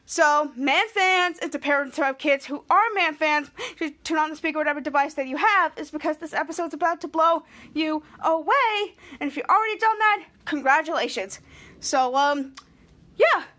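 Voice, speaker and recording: High bright-voiced woman podcast host. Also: moderate pace. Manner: rambling, repeats herself, acts out quotes loudly. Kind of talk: casual episode recap.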